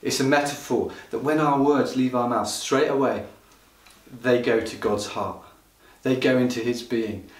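Slow impassioned male preacher in a roomy hall. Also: medium pitch, fairly even intonation. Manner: impassioned, builds to loud pleading cries. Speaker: pastor. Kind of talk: livestreamed sermon. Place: church hall. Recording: roomy hall sound from a distant mic.

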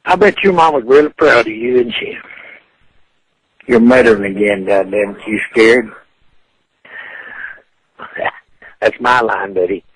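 A man's voice: lowish voice, unhurried, pauses often, breathy edge, no echo. A furious man on a phone call who taunts and curses the caller in a profane rant. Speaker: prank call target. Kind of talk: angry phone argument.

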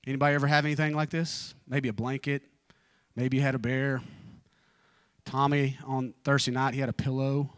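A man in his forties preaching an evening church sermon, telling personal stories informally with joking asides, and dropping low and fervent in prayer. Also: flat delivery, moderate pace, clean tone, dry recording. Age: 40s.

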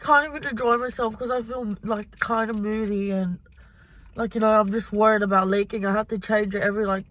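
A woman's voice: medium pitch, fairly bright tone, slight background noise, low-quality recording. A young woman talking casually to her camera in a vlog, chatty and swearing freely. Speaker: vlogger. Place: car in the city.

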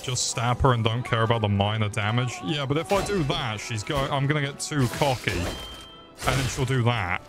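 A man's voice: medium pitch, expressive, normal speed. A young man streaming a game, grumbling and joking crudely with lots of swearing as he plays. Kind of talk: live gameplay commentary. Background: game music.

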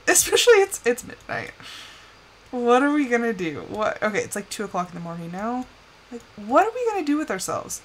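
Her slightly high voice is very animated and fairly quick as she streams a life-simulation game. The young woman keeps up casual commentary, chatting, laughing frequently, and speaking to the characters on screen.

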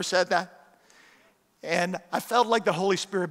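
A man's voice: sits high, moderate pace, long pauses, a bit bright. A middle-aged man preaching a sermon as a guest speaker, telling stories with self-deprecating humor. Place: church auditorium. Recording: long church hall reverb.

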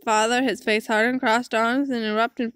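A woman's voice: a little high, little pitch movement, normal speed, fairly bright tone. A young woman reading a visual novel aloud, narrating and voicing the heroine with earnest emotion. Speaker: game player reading aloud.

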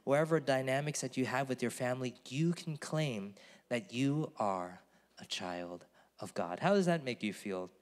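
A man's voice: mid-range voice, lively intonation, normal speed, in a large hall. A man pastor giving a conversational sermon in a church, earnest and emphatic, at times calling on the congregation to repeat a word.

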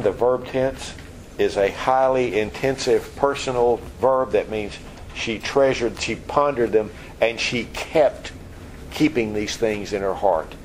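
A man teaching a Bible study, explaining scripture and acting out scenes with animated voices. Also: fairly low pitch, slight background noise, poor audio.

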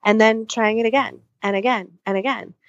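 A woman's voice: fairly high pitch, fairly even intonation, moderate pace, no echo. Thoughtful woman therapist on a dull line. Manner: thoughtful, explains at length with spoken-out inner voices. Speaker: couples therapist and author. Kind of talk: podcast interview answers.

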